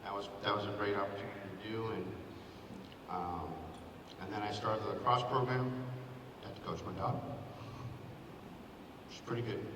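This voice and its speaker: A man's voice: fairly low pitch, fairly even intonation, normal speed, pauses often, background noise. Man speaking from far off in an echoey gym. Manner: sentimental, thanking many people by name. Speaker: hall of fame honoree, former athletic director. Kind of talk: acceptance speech. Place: school gym at a ceremony.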